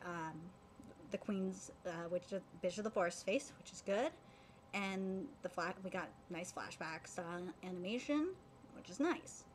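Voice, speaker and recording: Female anime reaction streamer, excitable and gushing, even middle pitch, faint noise. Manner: excitable fan gushing, many fillers and restarts. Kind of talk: live reaction commentary.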